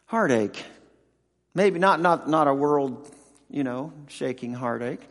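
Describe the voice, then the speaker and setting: A man in his sixties, a pastor and football chaplain, preaching a sermon with halting, emotional storytelling and many restarts. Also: mid-range voice, lively intonation, in a large hall. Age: 60s.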